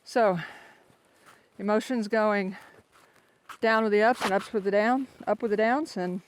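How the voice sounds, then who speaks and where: A man's voice: high voice, fairly even intonation, unhurried. Older male hiker vlogger, rambling and self-mocking, recorded outdoors on a phone with faint background noise. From Florida. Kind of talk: casual vlog while hiking. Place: outdoors on a foggy mountain trail. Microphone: handheld phone camera.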